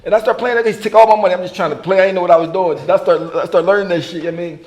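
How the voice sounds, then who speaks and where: A man telling stories in casual, profane conversation, animated and laughing as he goes. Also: high-pitched, rapid-fire. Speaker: artist being interviewed. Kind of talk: casual storytelling chat.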